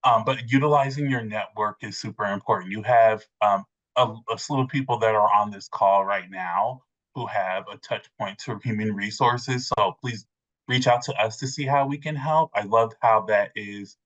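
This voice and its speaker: A man's voice: fairly low pitch, normal speed, a bit bright. A man panelist giving friendly advice over a video call, with frequent ums. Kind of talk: casual panel talk. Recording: dull lo-fi audio.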